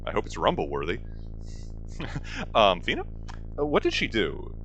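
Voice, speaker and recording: Animated man joking over a game. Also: fairly low pitch, normal speed, faint music behind. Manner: animated, joking, laughs often. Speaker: let's play host. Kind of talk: casual game commentary.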